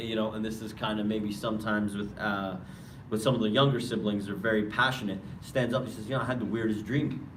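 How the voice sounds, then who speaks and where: Young man telling a story in an echoey hall. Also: on the low side. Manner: casual, animated retelling with fillers. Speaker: lecturer. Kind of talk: religious lecture storytelling. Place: campus lecture room. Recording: roomy hall, mic far off, faint noise.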